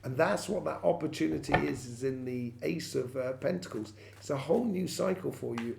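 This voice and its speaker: A man's voice: medium pitch, moderate pace, creaky, few pauses, background noise. A man giving a weekly tarot reading straight to his viewers, rambling with many fillers and restarts. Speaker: tarot reader.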